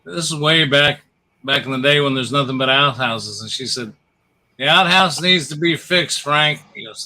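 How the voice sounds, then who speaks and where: A man's voice: medium pitch, moderate pace, pushed and bright, low-quality recording. A man co-hosting a casual gaming chat, telling long stories and jokes with many restarts. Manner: rambling storyteller, restarts and retells jokes. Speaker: podcast co-host.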